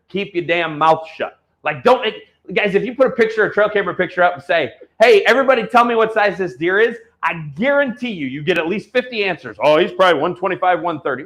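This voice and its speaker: Blunt high-voiced man ranting. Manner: blunt, animated, swears freely. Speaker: host of an online auction show. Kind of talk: ranting casual talk to viewers.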